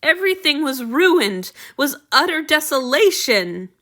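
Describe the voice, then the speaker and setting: Woman reading fanfic out loud, slow and kinda high voice, really into it. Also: very animated. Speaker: reader. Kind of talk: reading fan fiction aloud.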